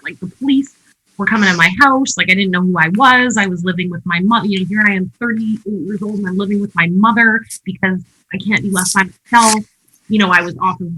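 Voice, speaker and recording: A woman tells her own story as a podcast guest, speaking emphatically and candidly with plenty of "like" fillers. Her voice is bright and carries a husky edge. She sits at a middling pitch for a woman. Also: low-quality recording. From Canada. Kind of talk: personal story in conversation.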